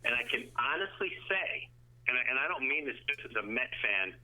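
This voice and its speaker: A male comedian telling stories as a guest, lively and acting out the people in them, heard over a phone line. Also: mid-range voice, fairly quick. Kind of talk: animated storytelling. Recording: phone-line call-in audio.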